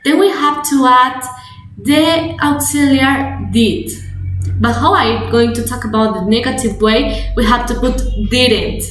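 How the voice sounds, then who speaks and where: A young woman with a Spanish accent teaches English grammar in a webinar, her voice high and her delivery slow and deliberate. She explains step by step, often restarting a phrase. The recording has a roomy echo. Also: fairly bright tone, slight background noise. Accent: Spanish-speaking. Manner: explanatory, repeats and restarts, code-switches to Spanish.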